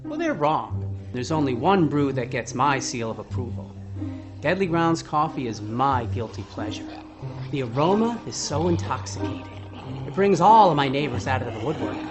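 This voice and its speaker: A man's voice: medium pitch, very animated, normal speed, close to an everyday voice. Guy playing a peppy zombie selling coffee, bouncy ad voice with music under it. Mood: salesy. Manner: upbeat salesy delivery. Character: male zombie coffee pitchman, cheerful and hungry. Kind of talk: comedic radio ad. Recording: ad with music bed.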